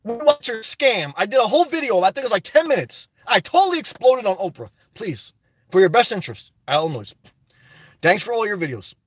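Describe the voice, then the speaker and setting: Male livestream host, very high pitch, animated and preachy, dry close mic. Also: a little fast, husky, no echo. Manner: rambling, preachy and animated, laughs often. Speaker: livestream host reading viewer chat. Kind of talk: casual live chat.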